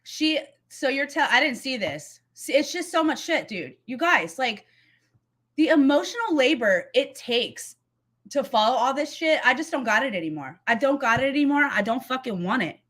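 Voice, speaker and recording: A woman's voice: high voice, animated, normal speed, fairly bright tone. A woman hosting a reaction commentary video, heated and blunt, swearing freely as she talks back to a clip. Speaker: commentary YouTuber.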